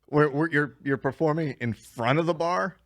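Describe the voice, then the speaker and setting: A man, a comedian co-hosting a podcast, tells long, meandering stories about gigs gone wrong and laughs at his own punchlines. His voice sits a little high for a man. The sound is dry and close, with no room around it. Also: moderate pace, fairly bright tone, dry recording. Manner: rambling storyteller, swears freely, laughs at own stories. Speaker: stand-up comedian, podcast co-host. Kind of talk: casual chat, road stories.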